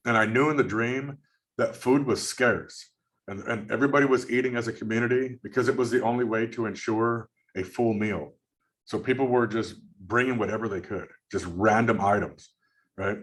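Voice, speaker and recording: A man's voice: fairly low pitch, a little fast, fairly bright tone. A man from California recounting a dream in casual, rambling storytelling, often repeating words and acting out what others said. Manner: rambling, repeats words, acts out quoted lines. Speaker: dream-recounting channel host.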